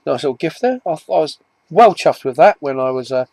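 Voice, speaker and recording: A man's voice: on the high side, expressive, a little fast, a little mellow, no room sound. A man with an English accent chatting casually to camera, rambling and often restarting his sentences, with self-mocking asides. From England. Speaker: comic collector vlogger.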